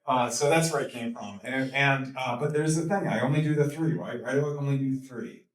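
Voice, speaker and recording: A man as a guest speaker at a talk, telling a story with lots of energy, laughing and repeating words as he gets excited. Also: medium pitch, moderate pace. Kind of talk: animated storytelling in a Q&A. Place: lecture hall. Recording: echoey hall, mic from a distance.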